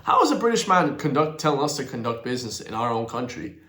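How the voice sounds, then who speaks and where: Irish man, channel host, indignant ranting commentary, average pitch, echoey room. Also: very animated, fast talker, bright, forceful tone. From Ireland. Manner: indignant, ranting, keeps addressing viewers as guys. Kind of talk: reaction commentary to viewers.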